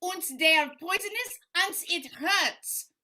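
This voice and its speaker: A woman improviser playing a sly, hushed shopkeeper in a comedy scene. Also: extremely high pitch, slow pace. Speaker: improv player.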